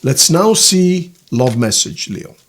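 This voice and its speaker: A man with a slightly raised voice talks slowly through a tarot reading, rambling and halting as he hunts for words. He slips into a hushed, soft tone when he voices what someone feels. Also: a little high, sing-song, a little hiss or hum. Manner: acts out quoted feelings in a hushed soft voice. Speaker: tarot reader.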